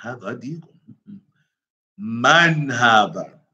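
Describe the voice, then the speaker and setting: Guy teaching a class, bright lively voice, keeps asking is everybody clear, kinda muffled lo-fi sound. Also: mid-range voice, a little slow. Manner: keeps checking the class with repeated questions; reads Arabic phrases, then explains them in English. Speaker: Arabic teacher. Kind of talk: classroom lesson.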